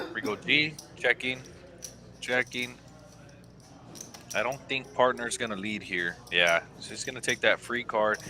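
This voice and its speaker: A man calling a live poker game, giving measured, analytical play-by-play. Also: mid-range voice, sharp tone. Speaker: poker commentator.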